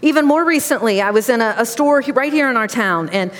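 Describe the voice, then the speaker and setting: Middle-aged woman preacher, slightly high voice, chatty storytelling sermon, long hall reverb. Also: quick pace. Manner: conversational storytelling, animated. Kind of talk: sermon with personal stories.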